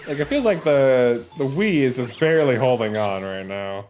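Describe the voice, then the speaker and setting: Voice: mid-range voice, lively intonation, moderate pace, darkish tone. A let's player giving casual gameplay commentary, rambling, restarting and swearing as things happen on screen.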